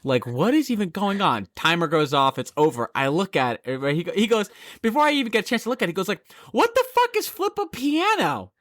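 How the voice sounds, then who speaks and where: A man co-hosting a podcast in casual chat, telling a story in an animated, profane way. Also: fairly high pitch, racing, no echo, studio quality. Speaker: podcast co-host.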